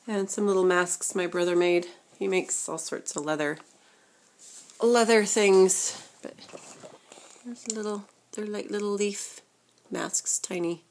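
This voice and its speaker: A woman's voice: lowish voice, creaky. A young woman talks casually in a home vlog while she shows her dolls. She rambles, fills gaps with little hesitations and corrects herself as she goes. Now and then her voice sinks almost to a whisper. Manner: chatty and rambling, with fillers and self-corrections; talks softly, sometimes dropping to a near whisper. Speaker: vlogger showing her reborn dolls. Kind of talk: casual chat.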